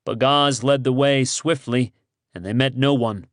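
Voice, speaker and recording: A man narrating an audiobook in measured, dramatic storytelling on a close studio mic. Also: medium pitch, no room sound. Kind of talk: scripted narration.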